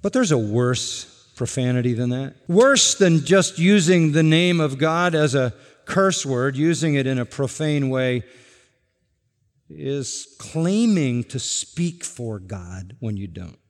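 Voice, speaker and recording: A man preaching a sermon as pastor, emphatic, rising to loud declarations and sinking to low, drawn-out endings. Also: animated, in a large hall.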